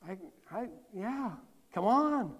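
Pastor, man, middle-aged; high, gravelly voice, conversational sermon with playful asides, reverberant church hall. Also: expressive, slow, fairly bright tone. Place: church sanctuary.

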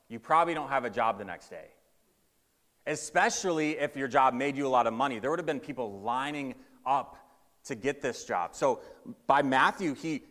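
Male pastor, mid-pitched, emphatic sermon delivery, big reverberant hall. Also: a bit bright. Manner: emphatic storytelling, varying pace.

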